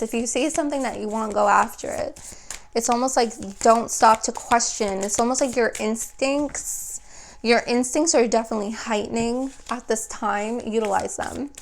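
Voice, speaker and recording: A woman's voice: on the high side, slight background noise. A woman giving an unscripted tarot reading, meandering and reassuring, often checking in with the listener. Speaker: tarot reader.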